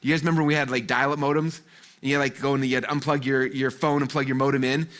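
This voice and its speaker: A man in his forties speaking to a live seminar audience, telling a lively story full of fillers and acted-out voices. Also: medium pitch, fast talker. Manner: animated, acts out the voices in his stories, many fillers. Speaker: guest speaker at a business seminar.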